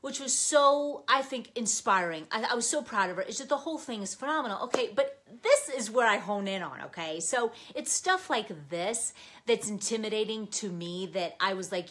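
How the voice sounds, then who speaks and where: Bright, gushing older woman chatting live. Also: mid-range voice, animated, normal speed. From Nebraska, US. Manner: chatty and gushing, peppers lines with "okay?" and laughs. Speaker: host of a live planner stream. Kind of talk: casual live-stream chat.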